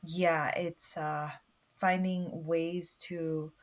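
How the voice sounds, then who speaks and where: Lower-voiced woman talking slow and careful on a podcast, lots of pauses. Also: flat delivery. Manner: thoughtful, halting, many restarts and fillers. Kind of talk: casual conversation.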